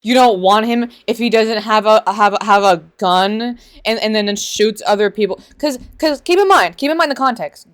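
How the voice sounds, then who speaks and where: A woman's voice: mid-range voice, normal speed, few pauses, clean tone. Chatty sarcastic woman reacting on camera. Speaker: reaction video creator. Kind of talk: casual reaction commentary. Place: hot bedroom at home.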